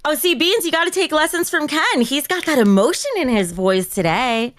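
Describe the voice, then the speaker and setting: A woman's voice: high-pitched, expressive, moderate pace, dry recording, soft background music. A woman co-hosting a live stream, teasing and insulting her co-host with sarcasm. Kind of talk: mock-feud banter on a live stream.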